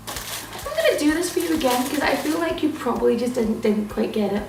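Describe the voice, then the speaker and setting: High-voiced playful young woman. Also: very animated, a little fast, gravelly, echoey room, distant mic, music in the background, poor audio. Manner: playful, mock-serious and self-assured. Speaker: vlogger. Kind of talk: mock-instructional comedy vlog.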